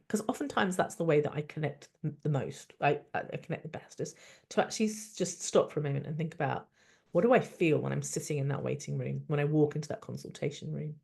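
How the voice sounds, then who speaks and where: A woman with a fairly low speaking voice, talking straight into a podcast mic in a frank, reflective monologue. She thinks aloud and often restarts her sentences, and she speaks candidly and expressively, with the odd swear. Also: creaky, a little mellow. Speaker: doctor and podcast host.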